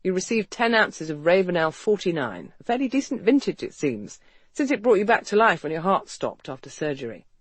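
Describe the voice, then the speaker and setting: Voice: medium pitch, big pitch swings, brisk, slightly rough, dry recording. A narrator voicing a wry young man who chatters on in light, mock-cheerful banter. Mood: teasing.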